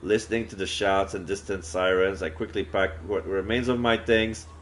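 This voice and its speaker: A man streaming a solo roleplay game, narrating in first person and breaking off with excited, swearing outbursts. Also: deep voice, moderate pace, slight background noise.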